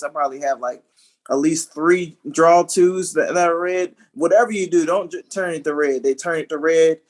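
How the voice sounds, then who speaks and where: Easygoing young man, slightly high voice. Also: moderate pace. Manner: easygoing, chuckles between lines. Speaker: podcast co-host. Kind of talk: casual chat.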